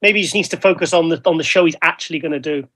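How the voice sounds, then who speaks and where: A British man co-hosting a casual chat, rambling and lively as he tells stories. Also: fairly high pitch, rapid-fire. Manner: chatty, rambling, lively storytelling. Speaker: co-host.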